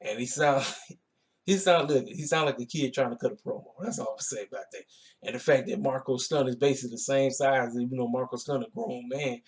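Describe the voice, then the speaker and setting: A man's voice: mid-range voice, steady tone, fast talker. A man giving a casual, rambling recap of a wrestling show, talking. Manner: laid-back, colloquial, rambling with fillers.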